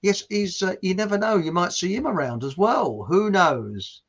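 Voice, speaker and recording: A man hosting a live stream in a fairly high voice, rambling through viewer comments in easygoing chat. He restarts his sentences and chuckles along the way. The sound is dull and lo-fi. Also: expressive, moderate pace. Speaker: livestream show host.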